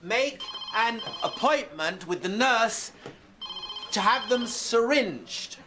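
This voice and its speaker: A man's voice: lowish voice, animated, normal speed, noisy background, natural voice. An actor playing a fussy, pompous male GP with a grandiloquent, lecturing manner. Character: pompous male GP, fussy gourmet, fond of wine. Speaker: doctor. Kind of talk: TV drama acting.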